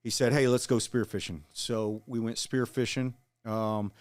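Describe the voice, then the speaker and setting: A man in his forties telling his story in an interview, earnest and halting, with frequent restarts. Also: mid-range voice, steady tone, darkish tone. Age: 40s. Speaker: guest, Marine veteran.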